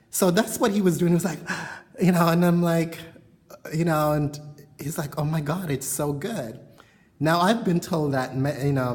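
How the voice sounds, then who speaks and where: A woman's voice: low-pitched, a little mellow. Woman vlogger, bedroom chat to camera, frank and rambling, lots of fillers. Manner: frank, rambling, heavy on "you know" fillers. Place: bedroom at home.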